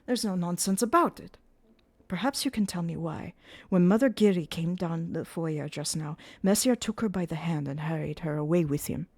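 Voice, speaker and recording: A woman's voice: on the low side, moderate pace, darkish tone. A woman voicing an agitated male opera secretary who exclaims in rising outbursts. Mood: accusing.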